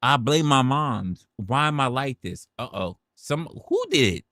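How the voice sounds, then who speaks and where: Livestreamer, lively swooping pitch, unhurried delivery, crude exclaiming. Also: no echo, studio quality. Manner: animated, swearing, laughing, exclaiming. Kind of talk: casual livestream chat reacting to viewers.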